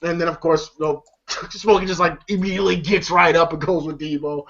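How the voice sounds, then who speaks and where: A man's voice: fairly high pitch, fairly even intonation, fairly quick, a bit bright. Male podcast host, talkative recap style, dull lo-fi recording. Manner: rambling retelling full of fillers and laughs. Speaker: movie review host. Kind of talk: casual chat recapping a film.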